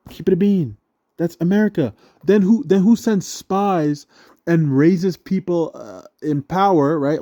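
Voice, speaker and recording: Warm in tone and pitched on the high side, a young man who comments on religion online goes off on a loose, foul-mouthed rant. He keeps tacking on "right?" and chuckles at the things he says.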